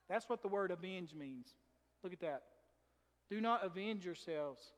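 A man's voice: high voice, moderate pace, long reverb tail. A man preaching a folksy sermon, rising and dropping in volume for emphasis. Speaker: pastor.

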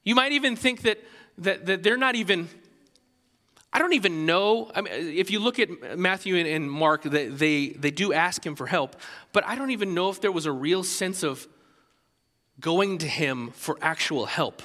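A man preaching a sermon as pastor, animated and conversational, with many restarts. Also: high-pitched, moderate pace, in a large hall.

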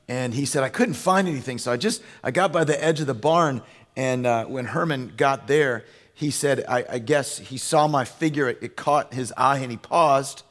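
Man, pastor, sermon, conversational storytelling, fillers and restarts, mid pitch, long hall reverb. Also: normal speed.

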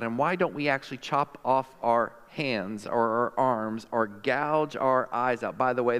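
A man preaching a sermon to a congregation, animated and jokey, with quick asides to the crowd. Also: medium pitch, smooth, long reverb tail. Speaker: pastor.

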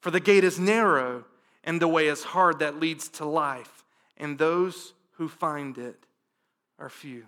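Bright high-voiced male pastor preaching. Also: slow pace. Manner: swings from hushed prayer to loud emphatic preaching; repeats phrases for emphasis. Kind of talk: sermon.

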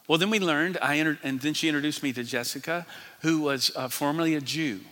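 Male pastor, high bright voice, emphatic sermon delivery, long reverb. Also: brisk. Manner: emphatic, swings between loud and hushed. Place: large church hall.

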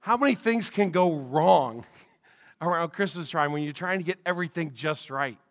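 A middle-aged man preaches in a church, his voice sitting high for a man. He tells his story conversationally, often restarting his phrases. A long reverb from the sanctuary trails after his words. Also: expressive, moderate pace. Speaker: pastor. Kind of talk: sermon with personal story.

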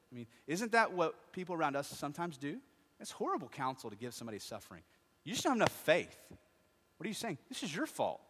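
A man preaching a sermon, asking his congregation questions and answering them himself, moving between quiet asides and loud, impassioned stretches. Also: fairly high pitch, slightly rough. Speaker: pastor. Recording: long reverb of a large hall.

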